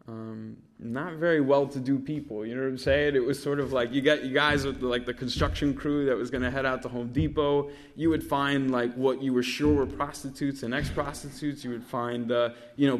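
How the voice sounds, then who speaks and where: A man in his thirties sharing his life story at a recovery meeting, rambling with lots of fillers and swearing. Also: mid-range voice. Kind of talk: casual personal storytelling.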